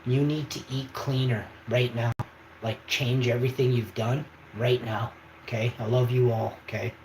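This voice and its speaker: A man hosting a livestream speaks in a steady, unhurried, mid-range voice with a slightly mellow quality. He's emphatic and rambling, often checking in with his viewers, and the room is echoey with faint background noise.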